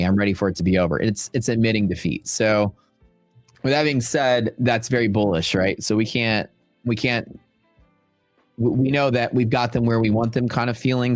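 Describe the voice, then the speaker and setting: A man's voice: mid-range voice, fairly even intonation, normal speed, no room sound, soft background music. A man with a Texan accent hosting a trading livestream in a rambling, chatty way, full of fillers and asides. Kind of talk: casual livestream chat.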